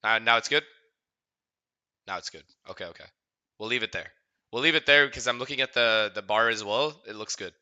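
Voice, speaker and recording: A man streaming a watch party, chatting casually and getting excited. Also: lowish voice, a little fast, pauses often, highs cut off. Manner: casual, excitable, checks his mic aloud.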